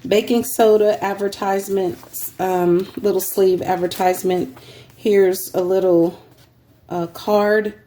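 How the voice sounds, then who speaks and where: A woman casually showing craft fabrics she is selling, rambling with many ums and throat clearing, recorded on a phone. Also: medium pitch, little pitch movement, takes it slowly, mellow. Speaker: craft seller. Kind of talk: casual show-and-tell selling craft supplies.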